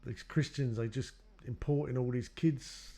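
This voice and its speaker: Gravelly man recounting his past. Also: mid-range voice, steady tone, unhurried, warm tone. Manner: rambling, quotes others in his story. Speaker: guest telling his life story. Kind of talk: personal storytelling.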